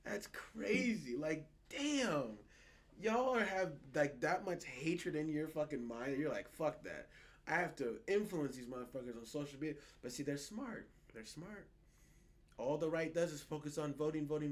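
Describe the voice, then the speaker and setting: A young man co-hosting a podcast in casual political chat, animated and profane, often mocking other people's words. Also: a little high, normal speed. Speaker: podcast co-host.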